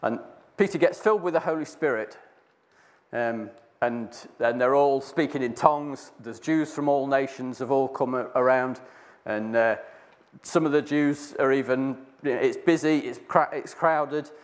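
This man's medium-pitched voice moves a little slowly as he tells a Bible story informally, sharing a reflection. Lots of restarts and rambling mark his delivery, and he acts out the voices in quotes.

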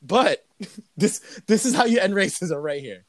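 A man's voice: sits high, animated, a little slow, fairly bright tone, no room sound. A young man co-hosting a casual podcast, talking in loose, profane, joking rants. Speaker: podcast co-host. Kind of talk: casual crude podcast chat.

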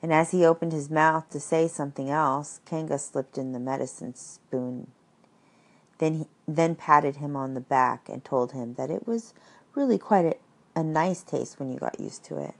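A woman reading a children's story aloud, unhurried, with asides to the listener. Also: low-pitched, gravelly.

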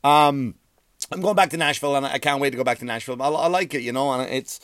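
A man's voice: medium pitch, fast, fairly bright tone, no echo, clean studio sound. A man, a comedian hosting his own podcast, ranting in a rambling way, swearing freely and restarting his sentences. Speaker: stand-up comedian and podcast host. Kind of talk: profane comic rant.

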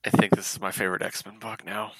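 A low, bright-voiced man co-hosts a casual comic book podcast. He talks in an animated, chatty way and sounds close and dry on the mic. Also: fast talker, no room sound. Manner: animated, laughs often, acts out character lines. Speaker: podcast co-host.

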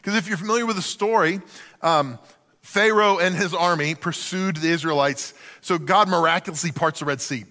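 A man preaching a sermon in an animated way, acting out the voices of the people in the story. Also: a little high, normal speed, long reverb tail. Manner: animated, acts out quoted voices. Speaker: pastor.

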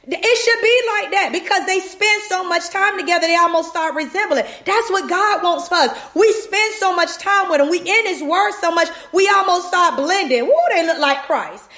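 A woman's voice: extremely high pitch, normal speed, hardly any pauses, reverberant. A woman giving a casual motivational sermon, talking straight to her listeners. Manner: animated, talks straight to listeners with "y'all". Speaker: podcast host giving a devotional.

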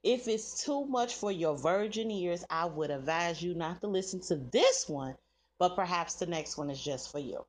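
A chatty woman in her thirties talks straight to her viewers, calling them "y'all" and laughing as she goes. Her voice sits a little low for a woman. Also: lively intonation, normal speed. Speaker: vlogger. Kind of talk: casual chat to viewers.

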